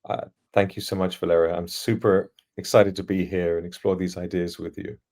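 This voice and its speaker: A man with a very low voice speaks as a podcast guest. He is relaxed and friendly, joking easily with his host. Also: fairly quick. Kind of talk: podcast interview.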